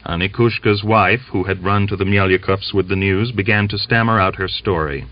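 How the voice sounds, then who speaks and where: A man reading an audiobook novel aloud in a measured, dramatic narration. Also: deep voice, fairly even intonation, dry recording. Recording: dull lo-fi dry recording.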